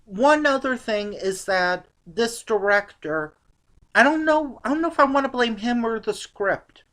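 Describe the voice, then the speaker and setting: A woman's voice: on the high side, lively intonation, measured pace, fairly bright tone. A woman reviewing an old movie in casual chat, sarcastic and exasperated.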